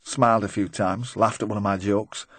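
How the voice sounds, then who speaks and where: A man's voice: on the low side, steady tone, moderate pace, slightly rough, dry recording. A man voicing a nervous, talkative middle-aged van driver who rambles and tries to joke his way through questioning. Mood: chatty, uneasy. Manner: rambling, eager to please, forced joviality.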